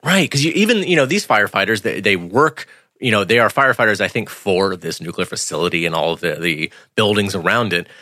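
A man co-hosting a podcast, animated and casual, swearing and laughing as he reviews a TV episode. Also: on the low side, a little fast, no echo, clean studio sound. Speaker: podcast co-host.

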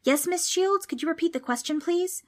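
A woman's voice: extremely high pitch, normal speed, voice pushed up. A woman voicing a timid young boy who speaks meekly and over-politely. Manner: meek and overly polite.

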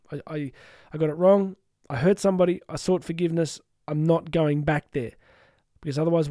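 A man's voice: on the high side, mellow, dry recording, studio quality. A middle-aged man hosting a solo podcast, talking earnestly and reflectively with frequent restarts and asides. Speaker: podcast host and coach.

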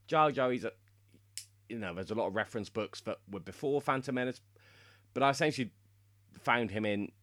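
A man's voice: lowish voice, a bit bright, no room sound, studio quality. A man co-hosting a podcast, explaining lore in casual chat and laughing often. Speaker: podcast co-host.

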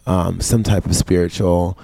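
A man's voice: deep voice, flat delivery, a little slow, creaky, noisy background. A man hosting a casual podcast conversation, asking chatty questions and often restarting his sentences. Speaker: podcast host.

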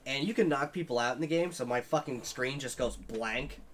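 A man's voice: mid-range voice, brisk, fairly bright tone, slight background noise. A man co-hosting a podcast, telling rambling, profane stories in casual chat. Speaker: podcast co-host.

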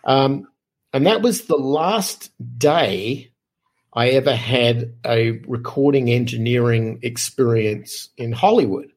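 Middle-aged Aussie male podcast guest, slightly raspy, chatty animated storyteller. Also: mid-range voice, slow. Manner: animated, lively anecdotes with frequent fillers. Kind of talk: casual storytelling.

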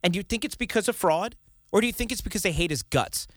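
Animated talk show host man. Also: high-pitched, fast talker, dry recording, clean studio sound. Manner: animated, laughs often, mimics opponents. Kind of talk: opinionated political talk.

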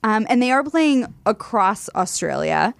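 A woman's voice: medium pitch, very animated, measured pace, vocal fry, no echo. Chatty woman podcast co-host. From Canada. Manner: chatty, hesitant restarts, laughs. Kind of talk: casual chat.

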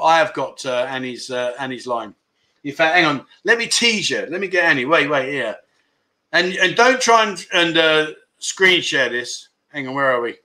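A man's voice: on the high side, bright, forceful tone. A middle-aged man hosting a casual livestream chat show, joking, teasing viewers and reading out their comments. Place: home in Pattaya.

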